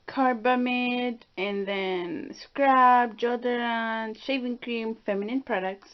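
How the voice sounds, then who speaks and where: A woman's voice: on the high side, steady tone, slow pace, clear, resonant tone. A woman in her twenties gives a casual tour of her home on video, laughing easily and searching for words. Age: 20s. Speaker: daughter co-hosting vlog. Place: home room. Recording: dull lo-fi home video sound.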